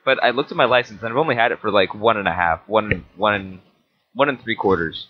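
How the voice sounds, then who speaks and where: A man's voice: on the low side, fairly quick. A teenage boy co-hosting a casual podcast, easygoing and teasing. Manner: easygoing, teasing, laughs often. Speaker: podcast co-host. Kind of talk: casual chat. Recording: dull lo-fi recording with faint hiss.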